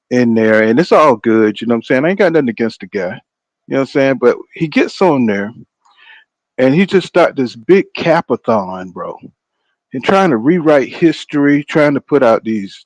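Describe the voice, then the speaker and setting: A boxing channel host runs a live reaction stream, commenting casually and profanely while greeting viewers by name. His voice is medium in pitch, and the recording is dry.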